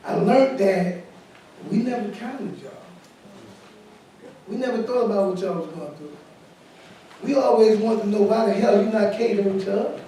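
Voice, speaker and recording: A man's voice: high voice, normal speed, pauses often, mellow, slight background noise. A man who is a pastor, giving candid, informal remarks on a panel at a summit. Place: conference room at a summit. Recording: echoey hall, from far off.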